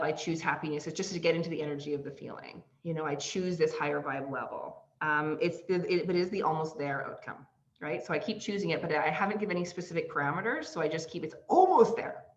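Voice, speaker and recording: A woman coach leads an online masterclass. She speaks in an animated way, acts out the phrases she quotes and laughs often. Her voice sits a little low, and the audio is a bit dull and lo-fi.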